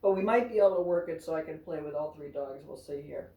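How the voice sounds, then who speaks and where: A woman's voice: low-pitched, quick pace, warm tone, roomy sound, far from the mic, rough recording. A woman chatting casually at home while giving cheerful commands to her three dogs. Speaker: therapy dog handler.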